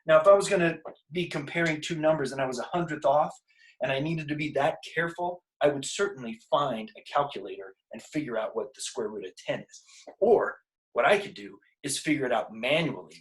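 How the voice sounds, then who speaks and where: A man's voice: medium pitch, a little fast, low-quality recording. A man teaching a casual math lesson, working problems aloud with jokes and asides. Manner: joking, thinks aloud while working problems. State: out of breath.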